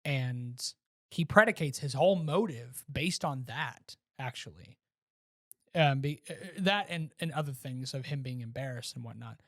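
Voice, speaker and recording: A man's voice: mid-range voice, unhurried, no echo. Dry-voiced man retelling a film scene. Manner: animated retelling with restarts. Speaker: podcast co-host. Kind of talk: casual movie review chat.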